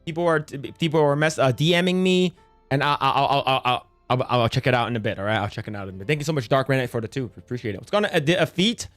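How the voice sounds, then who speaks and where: A man's voice: medium pitch, expressive, quick pace, fairly bright tone, soft background music. A young man chatting casually on a livestream, rambling and swearing a lot as he greets viewers by name.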